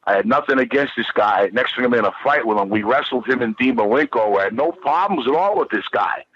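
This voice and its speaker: A man's voice: mid-range voice, lively intonation, a little fast, a bit bright. A middle-aged man telling a profane, rambling story as a podcast guest, repeating himself as he goes. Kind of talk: casual storytelling. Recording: dull lo-fi audio.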